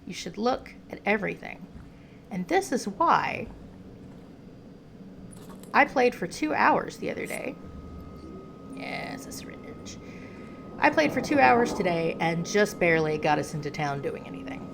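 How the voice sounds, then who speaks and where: A woman's voice: mid-range voice, animated, a little slow, vocal fry, pauses often, noisy background. An American woman giving chatty gameplay commentary, talking to the game's hero the way she talks to a pet. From United States. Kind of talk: casual game commentary.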